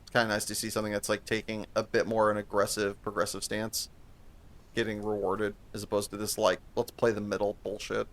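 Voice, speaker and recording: In a fairly low voice with a completely flat delivery, a podcast co-host talks a little fast about a movie. It's a casual, rambling chat with lots of swearing and frequent restarts.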